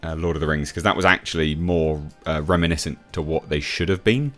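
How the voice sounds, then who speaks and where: A man with a very low voice runs a scoffing commentary vlog, breaking off often with filler sounds. Soft music plays faintly underneath. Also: a little fast. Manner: mocking, scoffing, frequent uh fillers. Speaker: YouTube commentator.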